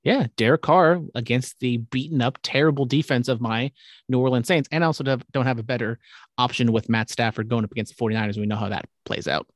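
A man's voice: medium pitch, no echo, studio quality. A young man hosting a casual sports podcast, rambling and swearing freely as he goes through picks. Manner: rambling, profane, quick asides. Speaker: podcast host.

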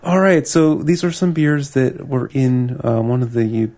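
Guy with a gravelly voice rambling casually about beer on a podcast. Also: medium pitch, a little slow. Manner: relaxed, rambling, often restarts sentences. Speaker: podcast co-host. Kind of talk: casual beer-tasting chat.

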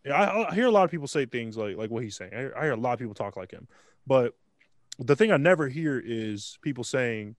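A man's voice: medium pitch, lively intonation, brisk, dry recording, clean studio sound. A man co-hosting a podcast, arguing his point in earnest, casual debate. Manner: argumentative, earnest, talks over others. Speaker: podcast co-host.

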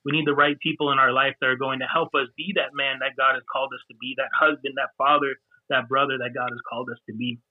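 A man's voice: medium pitch, level tone, fast talker, breathy edge, no echo, narrow, tinny audio. A man talking earnestly as a podcast guest, often repeating words as he starts a thought. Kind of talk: casual podcast conversation.

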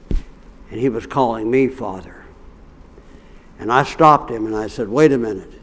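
A middle-aged man preaching a sermon, telling stories and swinging from quiet asides to loud, raised passages. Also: mid-range voice.

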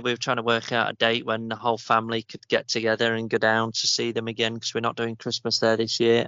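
Co-hosting a running podcast, a man tells a weekend story in a rambling, easygoing way as casual chat. His mid-range voice has a sharp, clean tone with no room sound, though the dry recording comes across slightly dull.

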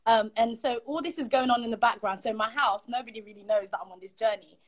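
A young woman telling a personal story as a guest, animated and quick, acting out the voices of others. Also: fairly high pitch. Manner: animated, quick, acts out quotes.

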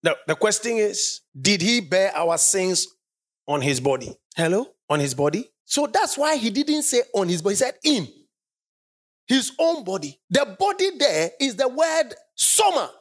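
A preacher delivers a sermon with a lively voice that rises and falls widely, sitting at a middle pitch. The speaker hammers points home by repeating them and asks the congregation to call back. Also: unhurried. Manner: emphatic, repeats phrases for stress. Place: church service.

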